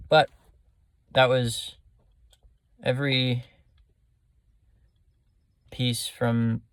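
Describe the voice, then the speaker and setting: A young man talking quietly and offhandedly to his viewers, self-deprecating in a casual aside. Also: medium pitch, vocal fry, no echo. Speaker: video creator.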